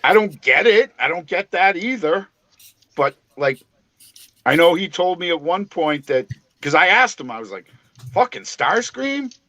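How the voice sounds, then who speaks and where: Profane, animated New England man. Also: fairly high pitch, moderate pace, no room sound. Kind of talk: casual livestream chat.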